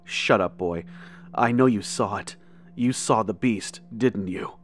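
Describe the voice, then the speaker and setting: A man voicing a blunt, gruff cowboy stranger in his fifties in a spoken horror story. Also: on the low side, a little slow, faint music behind, close to an everyday voice. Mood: menacing. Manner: blunt, gruff, calls him boy.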